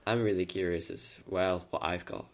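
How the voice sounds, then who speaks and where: A man's voice: low-pitched, fairly even intonation, normal speed. A man co-hosting a casual podcast chat, stumbling over words and joking at his own expense. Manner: stumbling, self-deprecating. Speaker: podcast co-host.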